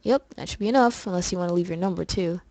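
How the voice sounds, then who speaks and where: A woman's voice: lowish voice, fast talker, a little mellow, dry recording, natural voice, low-quality recording. A woman voicing a polite, helpful museum receptionist from a video game.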